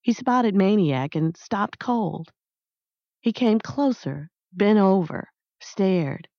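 Woman, audiobook narration, slow measured pace, dry close mic, slightly dull sound. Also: medium pitch, animated, warm tone, no room sound. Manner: slow, measured, lyrical reading. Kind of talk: scripted narration.

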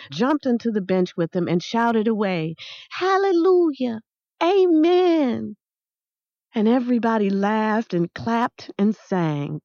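A woman narrating an audiobook in a measured, lyrical reading. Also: medium pitch, a little mellow, no echo. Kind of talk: scripted narration. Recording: dry, slightly dull close-mic sound.

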